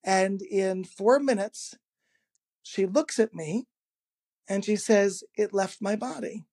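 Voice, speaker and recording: A man, a guest in an interview, telling a personal anecdote in a lively, casual way, laughing often and acting out the quoted dialogue. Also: sits high, takes it slowly, slightly rough. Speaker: interview guest, energy healer.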